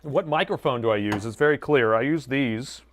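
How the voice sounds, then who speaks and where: A man's voice: mid-range voice, normal speed, a little hiss or hum. Chatty man on a lapel mic at his desk. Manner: chatty, reads chat aloud, self-deprecating. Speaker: laptop repair streamer. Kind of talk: casual live-stream chat.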